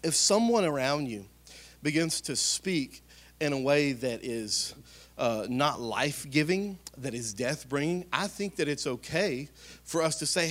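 A man in his thirties preaches with a drawl. He talks to the congregation as if chatting with friends, telling stories and dropping his voice low for the serious points. His pitch sits in an ordinary middle range. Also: animated, normal speed. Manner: conversational storytelling, shifting from loud to hushed. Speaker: pastor. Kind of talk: sermon.

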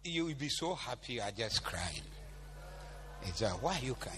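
A man's voice: mid-range voice, very animated, moderate pace, long pauses, sharp tone. A man with a Ghanaian accent preaching a sermon to a congregation, bantering and joking with them as he teaches. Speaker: pastor. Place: large church hall. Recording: echoey hall, faint hum.

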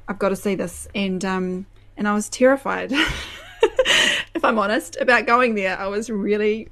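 Chatty New Zealand woman, laughing often. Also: medium pitch. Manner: chatty, laughs often, many fillers and restarts. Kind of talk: casual chat.

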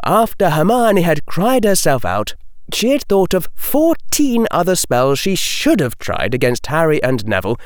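Expressive male audiobook narrator. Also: a little high, no room sound, studio quality. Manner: expressive, slows for dramatic stresses. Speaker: audiobook reader. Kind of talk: storybook narration.

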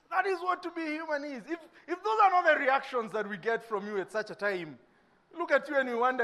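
A Kenyan man delivers a sermon in a high-pitched voice. He preaches with energy, dropping to hushed lines and then rising again, and acts out everyday dialogues to make his point. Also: normal speed. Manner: animated preaching, acting out mock dialogues, swinging between loud and hushed. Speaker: pastor.

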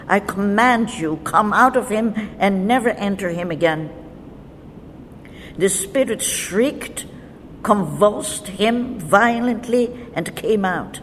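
A woman teaching from the Bible, reading verses in a measured, deliberate way. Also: medium pitch. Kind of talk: slow scripture teaching. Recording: faint noise with long reverb.

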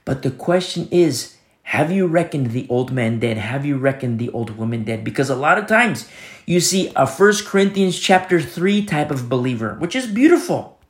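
A man preaching a sermon as pastor, earnest and repetitive, often dropping to a soft hush. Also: on the high side, animated, normal speed, echoey room.

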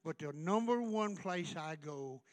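A man preaching a fiery revival sermon, building into shouted, repeated runs in a church. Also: fairly high pitch, lively intonation, unhurried. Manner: preaching in rising shouted runs, repetitive cadence. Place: church sanctuary.

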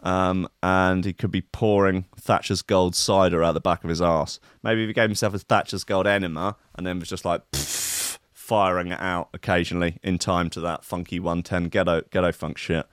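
A man's voice: sits low, flat delivery, normal speed, few pauses, clean tone, no echo, studio quality. A man hosting a comic show, riffing on odd news stories in a rambling, sardonic, sweary way. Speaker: host. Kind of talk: comic commentary on news clips.

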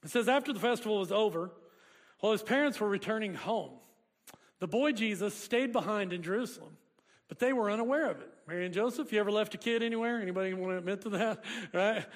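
A man's voice: sits high, fast talker. A man preaching a sermon, joking and chatting with the congregation in a conversational way. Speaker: pastor. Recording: long hall reverb.

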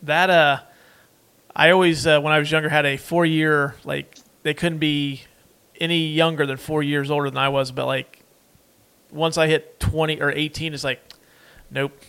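A man's voice: on the high side, level tone, moderate pace, fairly bright tone, smooth. A man co-hosting a casual movie watch-along podcast, loose and rambling, with plenty of fillers. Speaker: podcast co-host.

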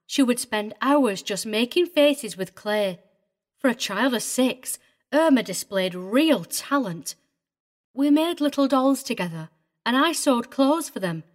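A prim, tearful middle-aged governess, played by a woman in an audiobook drama. She sits a touch high in pitch and talks in an agitated, wavering way, primly proper even when upset. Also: unhurried. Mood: vehement, tearful.

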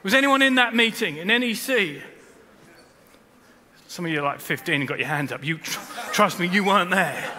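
A man, preaching a sermon and telling stories with loud bursts and hushed asides. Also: sits high, normal speed, in a large hall, a little hiss or hum. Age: 40s. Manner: animated storytelling, swings between loud bursts and hushed asides. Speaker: pastor. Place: large church hall.

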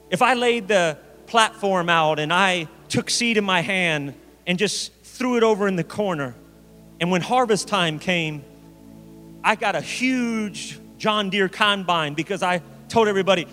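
A man preaching a sermon as pastor, with emphatic rises and slow dramatic phrases. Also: high-pitched, pushed and bright. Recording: reverberant hall with faint music.

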